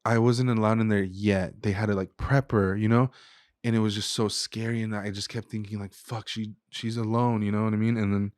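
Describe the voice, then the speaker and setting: Young male guest, relaxed and heartfelt, slangy storyteller; lower voice, dry studio sound. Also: brisk, smooth, no room sound. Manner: casual, says "dude" and "like" often. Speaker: guest, chef and restaurant owner. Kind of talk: emotional personal storytelling.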